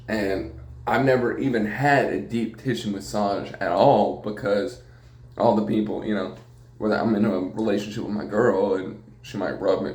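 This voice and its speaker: A man's voice: lowish voice, darkish tone, a little hiss or hum. A man hosting a solo podcast, rambling casually and profanely with plenty of jokes and laughs. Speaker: podcast host. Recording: echoey room.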